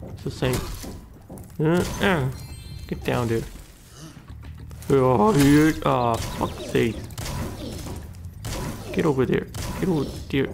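A man's voice: a little high, vocal fry. A man giving casual gameplay commentary, muttering, swearing and talking back to the characters on screen. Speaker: let's play gamer.

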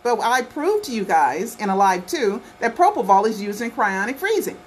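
A woman who makes conspiracy documentary vlogs talks casually to her camera at home, pressing her point and repeating herself with plenty of "okay" and "right." Her voice is fairly high, very animated, slightly rough, and moves at a moderate pace.

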